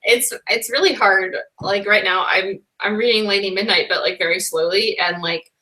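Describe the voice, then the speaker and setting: Young woman, bright sharp voice, giggly chat, a bit distant from the mic. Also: mid-range voice, fairly even intonation, moderate pace. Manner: giggly, chatty. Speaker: co-host. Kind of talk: casual live-stream chat. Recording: voice a little off-mic.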